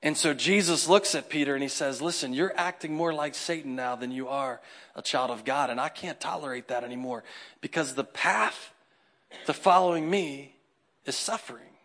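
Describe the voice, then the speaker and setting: A man preaching a sermon as pastor, animated, shifting from hushed asides to loud, excited peaks and acting out quoted voices for comic effect. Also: on the high side, normal speed.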